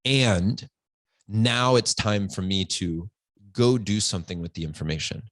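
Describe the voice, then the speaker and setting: Unhurried and fairly low in pitch, a podcast guest in his forties opens up about a personal experience on a dry recording. His retelling is earnest and animated, full of quoted voices, and at times he's on the verge of tears.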